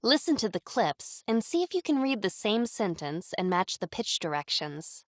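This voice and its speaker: A woman giving a voice acting lesson in clear, expressive instructional narration. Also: medium pitch, moderate pace, hardly any pauses, dry recording, clean studio sound.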